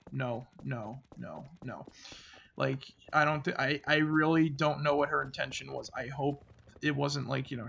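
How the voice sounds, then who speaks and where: A man with a deeply gravelly, creaky voice tells a story of a frightening night in a rambling, halting way, full of restarts and filler. His voice sinks to a murmur when he recalls his own fearful thoughts. The recording is a bit muffled with faint background noise. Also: fairly bright tone. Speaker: channel host. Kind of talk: casual storytelling.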